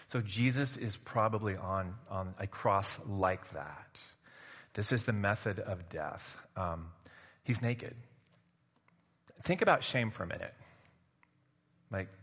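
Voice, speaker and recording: A man preaching a sermon in a conversational way, breaking into loud emphatic bursts. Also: on the low side, slightly rough. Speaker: pastor. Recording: muffled sound in a reverberant hall.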